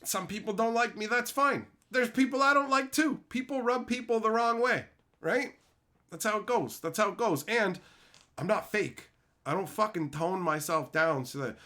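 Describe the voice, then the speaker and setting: Man, lively swooping voice, bright tone, blunt profane rant, casual vlog. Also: high voice, normal speed. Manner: animated storytelling, laughs often. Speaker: card game streamer. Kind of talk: casual ranting monologue.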